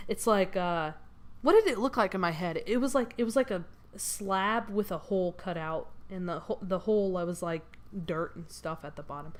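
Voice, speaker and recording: Woman rambling through a dream story while doodling, lots of "like", medium pitch. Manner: rambling, lots of "like" fillers, excitable. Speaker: streamer.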